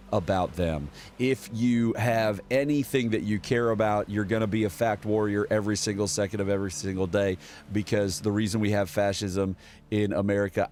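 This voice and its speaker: A man's voice: lowish voice, darkish tone, slight background noise. A man giving casual, sarcastic political commentary, rambling and reading headlines aloud as a show host.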